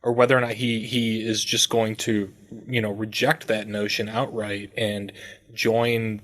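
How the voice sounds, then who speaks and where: A man co-hosting a podcast, talking in an animated way, full of fillers and restarts. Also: lowish voice, unhurried. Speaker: podcast co-host. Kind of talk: casual podcast chat.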